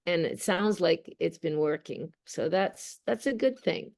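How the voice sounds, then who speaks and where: A woman's voice: on the low side, expressive, measured pace, vocal fry, a little mellow. A woman actress being interviewed, speaking earnestly and emotionally about her work. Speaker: voice actress guest. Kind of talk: interview conversation.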